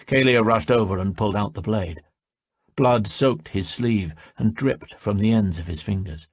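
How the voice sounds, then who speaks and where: A man narrating an audiobook in a measured storytelling manner. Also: lowish voice, darkish tone, husky, dry recording, clean studio sound.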